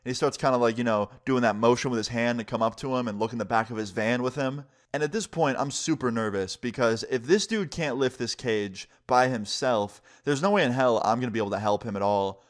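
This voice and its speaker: A man's voice: medium pitch, fairly quick, few pauses. A man telling a personal story in a casual, earnest way, with lots of "like" and "right?". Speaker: storytime vlogger.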